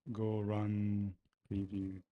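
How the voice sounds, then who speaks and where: A man talking to himself as he codes, complaining loudly, then explaining each step casually. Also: fairly low pitch, monotone, very slow, phone-quality sound. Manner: exasperated, talks to himself while coding. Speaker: developer livestreaming his coding. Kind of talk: casual coding commentary.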